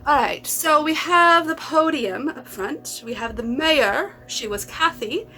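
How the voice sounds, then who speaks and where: Woman vlogger just chatting, kinda rambly, repeats herself, highish voice. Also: expressive, measured pace, bright, forceful tone, soft background music, low-quality recording. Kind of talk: casual chat to camera.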